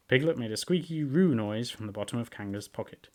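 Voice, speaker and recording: A man narrates a storybook aloud with lively, expressive reading. His voice sits at an ordinary middle pitch. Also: fairly quick. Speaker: book reviewer reading aloud.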